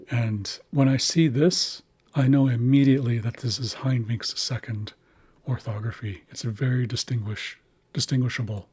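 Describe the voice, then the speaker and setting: A man narrating a screen-share lesson, carefully explaining writing systems and slowly sounding out example words. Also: mid-range voice, a little mellow, breathy edge. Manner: careful, slow spelling-out of words. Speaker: language teacher.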